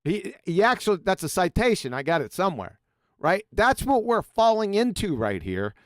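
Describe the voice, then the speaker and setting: A man with a fairly high, smooth and clear voice argues insistently on a live call, lecturing and circling back over his points. The sound is dry and close, with no room around it. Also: very animated, normal speed, a bit bright, no room sound. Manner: insistent, lecturing, repeats himself. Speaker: host. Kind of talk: casual debate on a live call.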